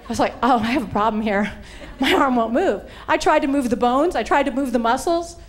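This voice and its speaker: Brisk and high-pitched, a middle-aged woman preaches with humor, spinning stories in an animated way. Whenever there's a quote, she acts out the voice.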